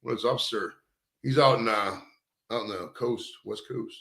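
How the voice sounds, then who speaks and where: A man's voice: lowish voice, unhurried, gravelly, fairly bright tone, echoey room. A man hosting a casual stoned chat, rambling at length and swearing, calling everyone dude. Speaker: host. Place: studio.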